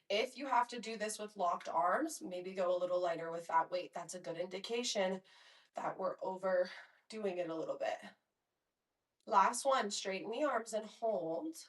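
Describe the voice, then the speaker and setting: A young woman guides a mat pilates workout, counting down reps and tossing in encouragement while she is audibly short of breath. Her voice sits mid-range and sounds a little distant from the mic, with noticeable echo off the room. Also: medium pitch. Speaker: pilates instructor.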